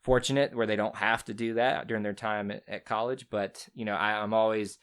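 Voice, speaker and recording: A man's voice: lowish voice, steady tone, fairly quick, a bit bright, clean tone. A man hosting a casual interview, easygoing and teasing. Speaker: podcast host.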